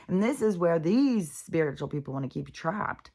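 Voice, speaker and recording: Low-pitched middle-aged woman, spiritual vlogger, blunt, profane, animated chatter. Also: normal speed, few pauses. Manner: animated, swears freely, acts out quoted voices. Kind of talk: casual rambling monologue.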